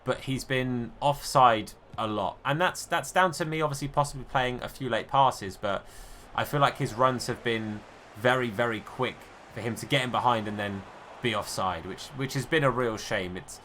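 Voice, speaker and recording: A man and gaming YouTuber giving chatty, self-deprecating live commentary over his own football video game, swinging between excited and deflated. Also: mid-range voice, normal speed, a little hiss or hum.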